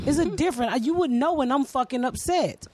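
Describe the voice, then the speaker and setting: Loud middle-aged woman with deep voice. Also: moderate pace, dry recording. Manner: loud, blunt, profane. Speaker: comedian guest. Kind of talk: casual chat.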